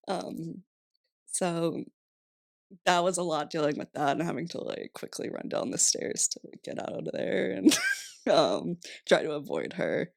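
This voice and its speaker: Recorded in a clean studio with no echo, she's a young Rhode Island woman in her twenties, a podcast guest with a creaky, lower-pitched, expressive voice. Unhurried and casual, she laughs a lot and says "like" often.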